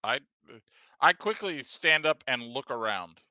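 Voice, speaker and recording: Sharp-voiced man on a dull lo-fi mic. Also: mid-range voice, big pitch swings, a little slow, dry recording. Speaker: player. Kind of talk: casual tabletop play.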